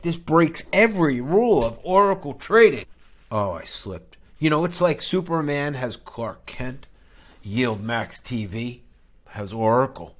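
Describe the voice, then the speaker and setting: A middle-aged man hosting a finance channel, talking in a brash, jokey, rambling podcast style that jumps between topics. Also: a little high.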